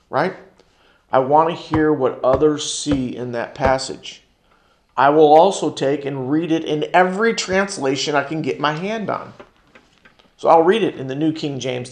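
Teaching a church ministry class like a sermon, an American man repeats key phrases and prompts the room to respond. His voice runs a little high, and the sound is reverberant.

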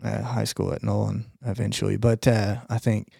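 Gravelly man telling a rambling story. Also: fairly low pitch, little pitch movement, normal speed, dark tone, no echo, clean studio sound. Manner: rambling storytelling with many fillers and laughs. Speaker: podcast co-host. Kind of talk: casual chat.

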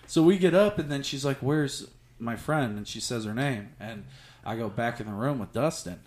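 A man's voice: mid-range voice, expressive, normal speed, a crowd in the background. A man telling a crude story on a casual podcast, swearing often and laughing as he goes. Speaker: podcast host.

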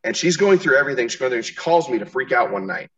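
A man's voice: medium pitch, animated, fast talker, recorded from a distance, lo-fi sound. A man hosting a podcast interview, rambling casually with frequent restarts and profanity. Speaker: podcast host.

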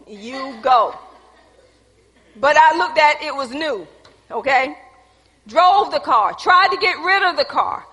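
A woman's voice: fairly high pitch, sharp tone, slightly rough. A woman preacher telling a personal testimony in a sermon, addressing the congregation as y'all. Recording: long hall reverb.

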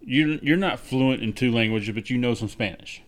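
Relaxed, wry man in casual chat. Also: medium pitch, normal speed. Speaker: podcast co-host.

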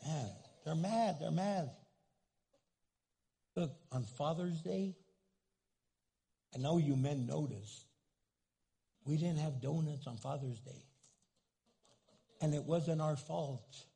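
A male pastor preaching a sermon with a husky voice, animated and playful, acting out grumpy people in comic asides. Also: fairly high pitch, takes it slowly, long pauses. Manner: animated, acts out angry churchgoers in comic asides.

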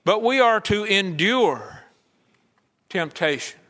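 A man's voice: sits high, very animated, takes it slowly, sharp tone. A man preaching a conversational sermon at a church service, acting out the voices he quotes.

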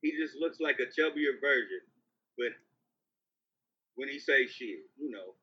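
A man co-hosting a podcast in casual chat, telling profane, animated stories and teasing a listener. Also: mid-range voice, measured pace, husky. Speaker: podcast co-host. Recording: dull lo-fi sound.

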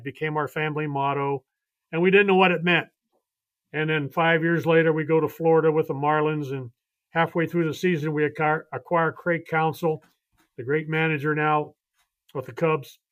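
An older man, a veteran baseball coach, telling earnest and heartfelt personal stories as a podcast guest. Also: on the high side. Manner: earnest, heartfelt storytelling with frequent restarts. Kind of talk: podcast storytelling.

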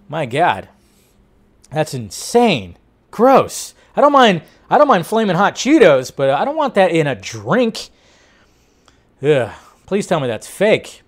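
Animated man chatting casually. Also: on the high side. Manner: animated, laughs often, rambling asides. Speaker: host. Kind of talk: casual news chat.

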